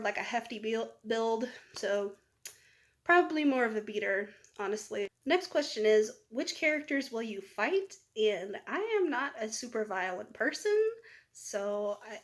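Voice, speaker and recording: Young woman vlogger, casual and candid, a touch high-pitched. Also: a bit bright. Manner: chatty and candid, with frequent fillers and asides. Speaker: book vlogger. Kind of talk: casual chat answering tag questions.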